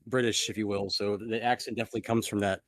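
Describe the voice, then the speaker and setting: A man's voice: on the low side, level tone, fast. A man with a Southern US accent, explaining things matter-of-factly in casual group chat.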